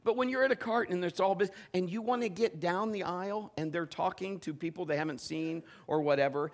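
A man's voice: high-pitched, brisk, hardly any pauses. A middle-aged man, a pastor, giving a humorous sermon full of stories and acted-out quotes. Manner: storytelling with acted quotes, animated and joking.

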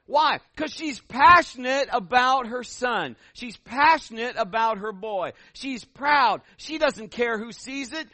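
A middle-aged man, a pastor, preaching a sermon with animated, folksy stories. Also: extremely high pitch, a little slow, few pauses, no room sound.

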